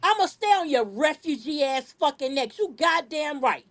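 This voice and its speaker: A woman with a high voice hosts a live-streamed podcast. She talks in a fierce, profane, insistent way. She often restarts and repeats words as she presses each point. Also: expressive, moderate pace. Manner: aggressive, profane, emphatic; repeats words when heated. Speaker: podcast host.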